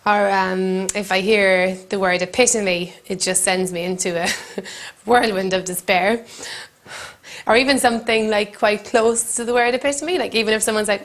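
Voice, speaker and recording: A woman's voice: medium pitch, fairly even intonation, moderate pace, fairly bright tone. An Irish woman comedian telling a self-deprecating story in a country kitchen, laughing often. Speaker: comedian host. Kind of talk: storytelling to camera.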